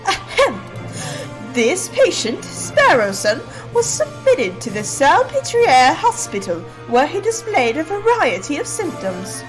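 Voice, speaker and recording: A woman's voice: high-pitched, huge pitch swings, unhurried, over music, full character voice, poor audio. Woman playing a chirpy young bird sidekick. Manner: chirpy and eager. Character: cheerful dim young male bird assistant. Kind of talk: reading game dialogue aloud.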